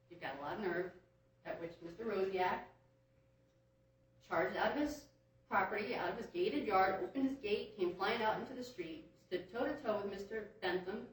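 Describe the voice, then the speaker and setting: A woman giving public comment at a hearing, recounting her complaints in an aggrieved way, with many ums. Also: mid-range voice. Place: large echoey meeting room. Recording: echoey room from a distance.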